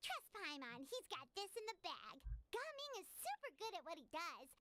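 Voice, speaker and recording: An actress voicing a small, chirpy fairy companion in a game, chatting eagerly and referring to herself by name. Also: female voice, very high-pitched, sing-song, moderate pace, noisy background. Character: small, chirpy floating fairy companion who talks about herself in the third person. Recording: game dialogue with music under it.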